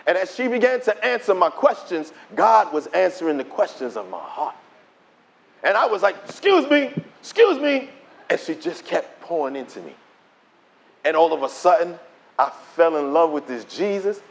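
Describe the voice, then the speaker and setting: A middle-aged man giving his testimony as a preacher, telling the story in an animated way and acting out the dialogue. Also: fairly high pitch, normal speed, vocal fry. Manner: animated storytelling, acts out dialogue in quoted voices. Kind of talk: preached testimony to a conference audience.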